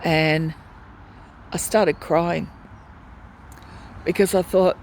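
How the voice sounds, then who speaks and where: A low-voiced woman speaks at a measured pace in a rough recording carrying a little hiss or hum. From her hospital ward, the patient vlogger pleads in distress as she recounts her treatment in a personal video diary.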